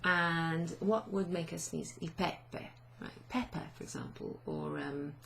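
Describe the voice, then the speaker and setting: A woman's voice: fairly low pitch, a little slow, gravelly, a bit bright, slight background noise. A woman teaching a chatty, self-deprecating online language lesson, often asking learners questions.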